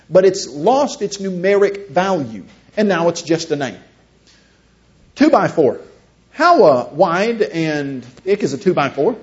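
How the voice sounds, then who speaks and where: A man's voice: high voice, a little mellow. A man giving a conversational teaching lecture, asking his listeners rhetorical questions. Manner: asks the audience rhetorical questions. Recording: dull lo-fi recording.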